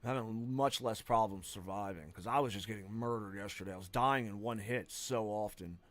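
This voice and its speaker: A man's voice: fairly low pitch, normal speed. A man streaming a video game, ranting casually with lots of swearing and restarts, breaking into angry outbursts when he dies. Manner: crude, profane, rambling rants with sudden outbursts. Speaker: gaming streamer. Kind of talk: casual gameplay commentary.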